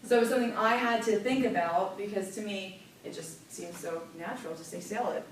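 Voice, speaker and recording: A woman radio host teaching a class, lively and demonstrative, stressing clear enunciation. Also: mid-range voice, brisk, slight background noise. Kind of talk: classroom lesson. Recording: echoey room picked up from far.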